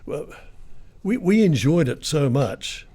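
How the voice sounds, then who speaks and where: A man's voice: a little high, very animated, takes it slowly, dark tone, husky. An older Australian man, a retired radio broadcaster, telling rambling anecdotes in an interview. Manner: rambling storyteller, lots of ums and restarts.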